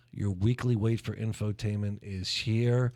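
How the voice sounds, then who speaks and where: Joking and theatrical, this Philadelphia host tosses off quick asides in playful morning-show banter. He speaks on the low side with fairly even intonation, and there's no room sound.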